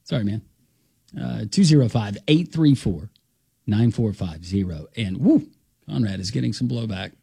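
Gravelly, husky male radio host. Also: on the low side, animated, moderate pace, mellow, dry recording, studio quality. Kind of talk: casual radio talk show banter.

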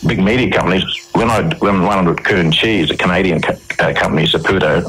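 An Australian man giving a radio interview, telling his own stories in a halting way with many restarts and fillers. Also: low-pitched, fairly even intonation, fairly bright tone, a little hiss or hum, poor audio. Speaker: interview guest.

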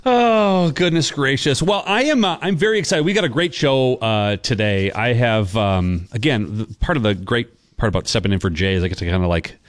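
A man's voice: medium pitch, animated, normal speed, few pauses, slight background noise. A man filling in as a radio host, chatting enthusiastically and rambling with many fillers. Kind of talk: casual radio chat.

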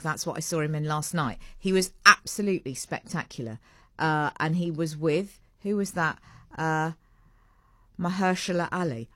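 A woman's voice: sits low, no echo. A woman hosting a radio breakfast show, chatting in a rambling, self-mocking way.

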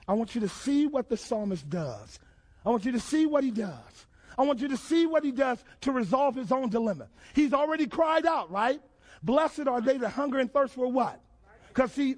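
A male pastor preaching a sermon, quizzing the congregation and building to emphatic shouts. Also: extremely high pitch. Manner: call-and-response questions to the congregation, emphatic shouted build-ups.

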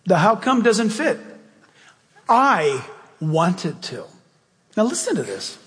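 A man preaching a sermon in an animated way, now and then dropping to soft, quiet asides. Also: high voice, slow, long reverb tail. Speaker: pastor. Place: church sanctuary.

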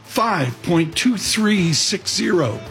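A man hosting a morning radio show, teasing his guest and rambling through quick jokes. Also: high-pitched, expressive, a bit bright, soft background music. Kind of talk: joking morning radio banter.

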